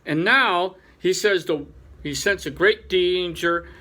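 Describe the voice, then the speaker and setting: A man's voice: sits high, slow, pushed and bright, exaggerated voice. A man voicing a polite, earnest young male rabbit in a storybook reading, speaking deferentially.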